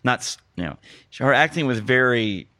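A young man hosting a comedy movie podcast. His pitch swings widely as he jokes and cracks himself up. The sound is dry and close. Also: normal speed, no room sound. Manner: jokey, animated, laughs at his own jokes. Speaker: podcast host. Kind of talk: casual movie-review banter.

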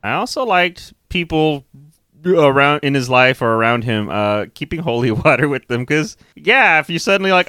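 A man co-hosts a casual movie review podcast, laughing, swearing, and animatedly retelling scenes. His voice sits on the higher side with a clear, resonant tone and a slightly slow pace, captured in a dry, clean studio recording.

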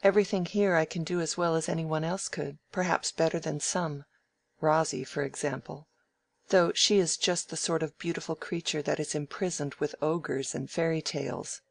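A reader voicing a sharp-witted young woman, frank and teasing, in brisk, crisp audiobook dialogue with mild scolding. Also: medium pitch, fairly even intonation, no room sound.

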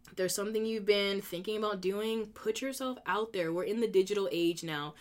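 A woman's voice: mid-range voice, a little fast. Candid emotional young woman. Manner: emotional, candid, heavy use of "like", swears freely. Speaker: podcast host. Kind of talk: casual monologue.

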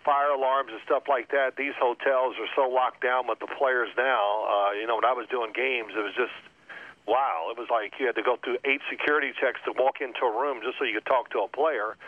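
A man, a former quarterback, telling animated locker-room stories as a radio interview guest. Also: medium pitch, a little fast, no echo. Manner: animated storyteller acting out coaches' shouting. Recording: tinny phone line.

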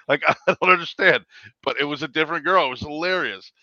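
Male driver retelling a wild ride, rambling, bright and dry, slightly dull lo-fi sound. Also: fairly high pitch, fast talker, dry recording. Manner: rambling, repeats words and quotes people. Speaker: rideshare driver telling a story. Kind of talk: casual storytelling chat.

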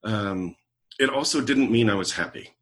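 A man's voice: fairly low pitch, normal speed. A middle-aged man telling a personal story in conversation, acting out the lines of people in it. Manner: animated storyteller who acts out quoted dialogue. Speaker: podcast guest, leadership coach.

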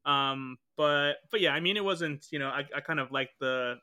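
A man's voice: fairly high pitch, moderate pace, sharp tone, clean tone. A man on a podcast giving his opinion casually, joking and hedging with many fillers. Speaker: podcast guest critic.

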